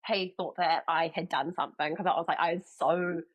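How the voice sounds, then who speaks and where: A young woman with a New Zealand accent chats as a podcast guest, her voice sitting a little low for a woman. She tells her story in an animated way and jumps into the voices of people she quotes. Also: a little fast, rough recording. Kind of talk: casual chat.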